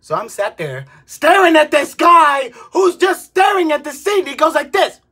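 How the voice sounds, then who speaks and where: A woman in her twenties, a vlogger, delivering an exasperated comedic rant, swearing and bursting into shouts. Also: high voice, big pitch swings, moderate pace. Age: 20s.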